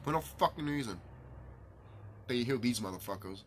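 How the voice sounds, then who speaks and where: A man's voice: medium pitch, lively intonation, moderate pace, a little hiss or hum. A man vlogging to camera in a rambling, profane monologue, repeating himself and ranting, his sinuses stuffed up.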